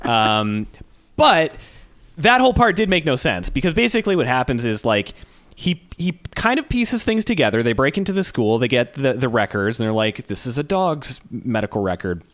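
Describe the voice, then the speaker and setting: A man's voice: medium pitch, big pitch swings, moderate pace, a bit bright. A young man co-hosting a movie podcast, rambling casually with lots of "like" and restarts. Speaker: podcast co-host. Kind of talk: casual movie review chat.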